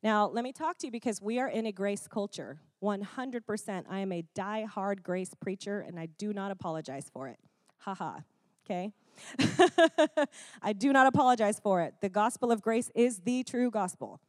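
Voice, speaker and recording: A woman preaching a sermon, animated and chatty, often checking in with the congregation with quick "Amen? Okay?" asides and laughing now and then. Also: mid-range voice, dry recording, studio quality.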